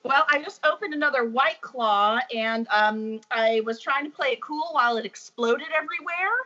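A woman's voice: sits high, normal speed, pushed and bright. A woman who used to be a teacher, a podcast guest chatting casually, self-deprecating and giggly. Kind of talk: casual chat. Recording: dull lo-fi sound.

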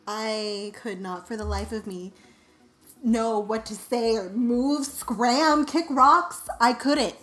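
A young woman telling a story on her vlog in a casual, animated, self-mocking way, full of "like". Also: on the high side. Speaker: vlogger.

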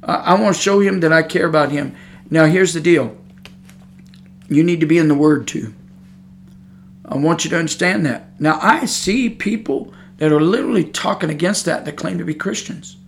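A man's voice: fairly high pitch, normal speed, creaky, slight background noise. A man preaching a sermon on his podcast, talking in a fired-up, conversational way and repeating his points.

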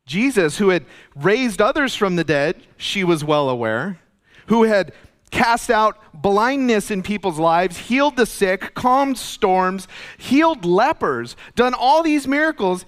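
Man, pastor, sermon, earnest conversational preaching, higher voice, long echo of a church hall. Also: lively intonation, slow pace. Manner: earnest, conversational preaching, drops soft and low for quoted lines. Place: church sanctuary.

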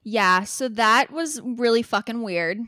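A woman's voice: fairly high pitch, expressive, pushed and bright, no echo. A young woman co-hosting a podcast, talking candidly in an emphatic way and swearing freely. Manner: emphatic, swears freely, talks fast with many likes. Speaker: podcast co-host. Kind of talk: candid casual chat.

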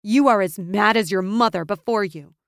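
A woman voicing a cold noblewoman whose voice climbs to a shrill, fearful pitch. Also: moderate pace, vocal fry, no echo, studio quality, natural voice. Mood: shrill, frantic. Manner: cold, rising to shrill rage.

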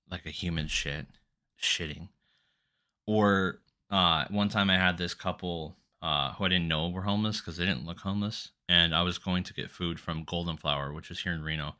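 A man hosting a solo podcast, telling a story in a rambling, profane and exasperated way. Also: sits low. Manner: animated, exasperated. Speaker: podcast host.

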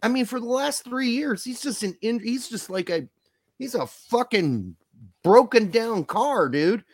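A man's voice: very high voice, expressive, unhurried, dry recording. A man co-hosting a casual livestream chat, talking bluntly with frequent swearing and jokes. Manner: blunt, profane, joking. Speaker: podcast co-host.

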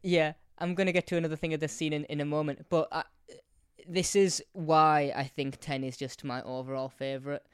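A man's voice: on the high side, level tone, brisk, smooth, no room sound, clean studio sound. A man co-hosting a casual podcast, talking animatedly, laughing often, repeating words and swearing. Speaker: podcast co-host. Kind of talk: casual chat.

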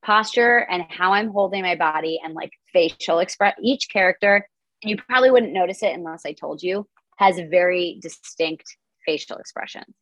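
A woman's voice: fairly low pitch, moderate pace, a bit bright, no room sound, low-quality recording. A woman comedian being interviewed, chatting casually with lots of "like" fillers. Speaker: comedian guest.

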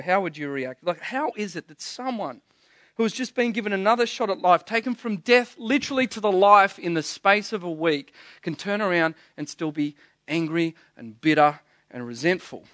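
A man's voice: sits high, lively intonation, normal speed, a bit bright, no echo, studio quality. A man preaching a sermon, telling stories earnestly and often restarting his words. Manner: earnest storytelling, stammering restarts. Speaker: pastor.

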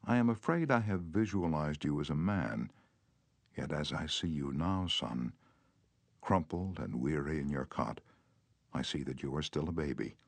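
A man reading a self-help audiobook aloud in a measured, earnest way, turning tender and remorseful in the quoted letter. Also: very deep voice, lively intonation, creaky, no room sound. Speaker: audiobook narrator. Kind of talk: scripted audiobook narration.

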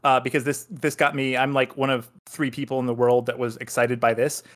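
A man in casual podcast chat with a middle-pitched voice. He rambles and drifts into apologetic asides as he talks. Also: level tone, a little fast. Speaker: podcast co-host.

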